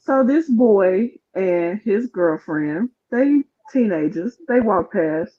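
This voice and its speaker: Storyteller, loose and animated, heard over a thin phone line. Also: medium pitch, slow. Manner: animated, rambling anecdotes. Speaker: storyteller on a chat show. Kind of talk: casual storytelling.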